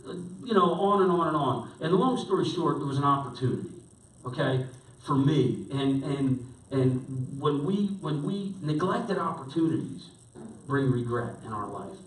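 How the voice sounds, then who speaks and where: Rambling pastor in an echoey hall. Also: male voice, mid-range voice, expressive, moderate pace, distant mic. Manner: conversational, rambling with many restarts and fillers. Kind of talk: storytelling sermon. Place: church hall.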